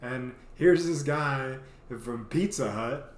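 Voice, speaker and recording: A man's voice: mid-range voice, slow, reverberant. A man casually telling a personal story as a vlogger, rambling with lots of "like" fillers.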